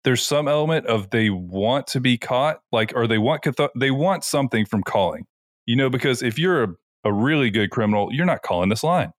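A man's voice: medium pitch, brisk, no room sound, studio quality. A man co-hosting a podcast, casually retelling an episode with lots of "like" and filler. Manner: animated retelling with frequent "like". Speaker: podcast co-host. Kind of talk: casual chat.

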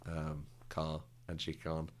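A man's voice: rumbling low, monotone, slow pace. A British man co-hosting a podcast, talking casually and often laughing. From Britain. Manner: chatty, laughs often, acts out quotes. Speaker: podcast co-host. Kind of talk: casual chat.

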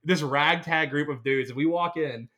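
A man's voice: a little high, moderate pace. A young man in his twenties, a podcast host rambling through a story in casual chat with lots of fillers. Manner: rambling, animated, full of fillers.

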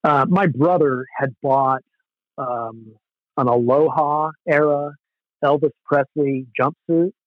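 A man's voice: medium pitch, slow, no echo, narrow, tinny audio. A man, a former hardcore band musician, telling rambling, self-deprecating stories in a casual interview, with many "you know"s.

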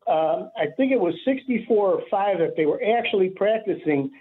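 A man in his sixties calling into a sports radio show, recalling old memories in a halting way. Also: high-pitched, expressive. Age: 60s. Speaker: caller. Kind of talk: call-in radio chat. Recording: tinny phone line.

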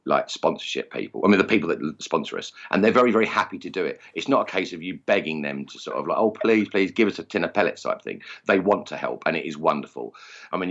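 Guy chatting away, low voice jumping all over, muffled sound. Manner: chatty, storytelling, animated voices for anecdotes. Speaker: guest, airgun competition organiser. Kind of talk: casual podcast chat.

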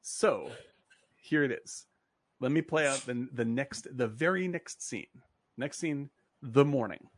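A man's voice: medium pitch, a little slow, slight background noise. A man casually discussing a film, rambling with lots of filler words and swearing freely.

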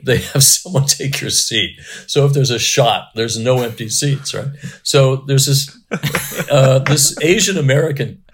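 A man's voice: medium pitch, a bit bright, husky. A middle-aged man, a cinematographer guest, telling rambling anecdotes in casual interview chat.

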